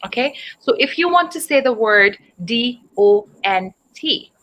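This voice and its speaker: Unhurried and encouraging, a Dubai-based teacher runs an online group speaking class, spelling words aloud and asking her students questions. Her slightly high voice has lively intonation and a fairly bright tone, though the audio is poor.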